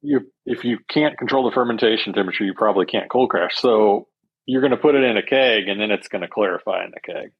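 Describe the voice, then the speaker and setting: A man's voice: lowish voice, quick pace, husky, dull audio. A man speaking as a guest on a casual podcast, explaining things in an easygoing, matter-of-fact way.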